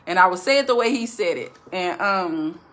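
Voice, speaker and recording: Chatty woman with a bright, lowish voice. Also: lively intonation, normal speed. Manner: chatty, rambling storyteller; earnest when sharing revelations. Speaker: Christian devotional speaker. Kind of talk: casual testimony to viewers.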